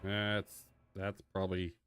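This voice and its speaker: A man's voice: low-pitched, monotone, slow, over loud music. A man streaming a game live, reacting with profane, joking commentary.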